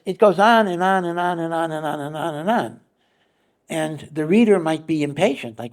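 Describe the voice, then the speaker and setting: Gravelly-voiced rabbi teaching a lively class. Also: male voice, on the high side. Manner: animated, repeats phrases, acts out quoted voices. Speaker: rabbi giving a Torah class. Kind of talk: conversational Torah lecture.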